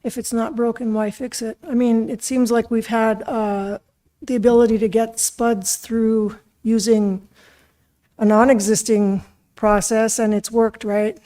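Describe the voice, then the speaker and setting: A woman's voice: fairly high pitch, level tone, a little slow, dark tone. A woman on a commission asking direct, skeptical questions at a meeting.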